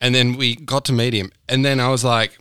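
Brief: young Australian male co-host, bright and close-miked, swears a lot, tells lively stories. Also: medium pitch, brisk, clear, resonant tone, no room sound. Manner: sweary, animated storytelling with put-on voices. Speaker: podcast co-host. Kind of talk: casual chat.

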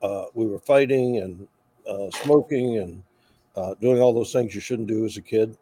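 A man's voice: on the low side, moderate pace, a little hiss or hum. An older man from South Carolina with a slight Southern accent, telling his story in a casual interview with wry humor. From Charleston, South Carolina. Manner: warm, wry, self-deprecating humor. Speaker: guest, veteran.

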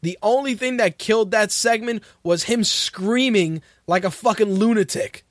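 A high-pitched man hosts a radio talk show, ranting through casual commentary and swearing freely. He sounds exasperated and speaks at a moderate pace over heavy background noise.

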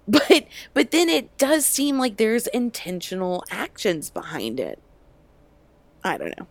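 A young woman co-hosting a podcast in casual chat, animated and full of fillers and quick asides. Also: medium pitch, no room sound. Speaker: podcast co-host.

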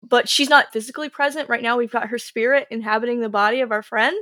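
A woman game master telling tabletop stories in casual chat, animated and quoting her players. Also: fairly high pitch, fast talker, dry recording. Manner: animated, quotes players in lively voices. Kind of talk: casual podcast storytelling.

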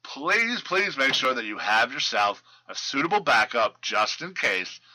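A man talks loosely through football injury and roster news. His voice is very bright and forward. He stumbles and restarts often, filling gaps with ums and uhs. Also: mid-range voice, very animated, measured pace, poor audio. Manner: loose and rambling, many fillers and restarts. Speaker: fantasy football podcast host. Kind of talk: casual sports news chat.

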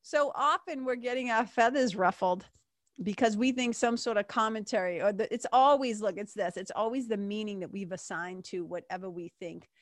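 A chatty woman podcast host talks through a self-help monologue, dotted with fillers, mild swearing and laughs at herself. Her voice sits at a middle pitch and sounds close and dry, with no room around it. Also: normal speed, no room sound.

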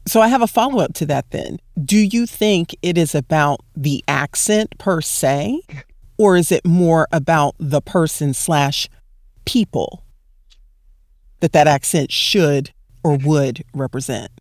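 A man's voice: a little high, a little slow, no echo. Emphatic conversational man, dry sound. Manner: emphatic, conversational, checks in with "right?". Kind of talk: casual roundtable discussion.

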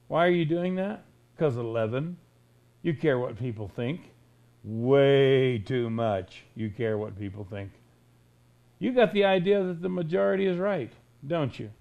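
A man's voice: medium pitch, lively intonation, measured pace, gravelly, darkish tone, muffled recording. A man preaching a conversational sermon, blunt and folksy, firing sarcastic rhetorical questions at his listeners.

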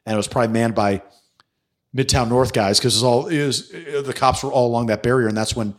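A middle-aged man, a former detective, tells a story in a casual podcast interview. He is animated, slips into the voices of the people he quotes and swears without a second thought. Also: mid-range voice, brisk. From New York City. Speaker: guest, former police detective and actor.

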